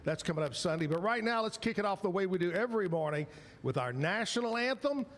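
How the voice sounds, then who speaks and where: A man's voice: high voice, expressive. A man hosting a live morning talk show from a bar stage, upbeat and joking. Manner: upbeat, joking, quick asides.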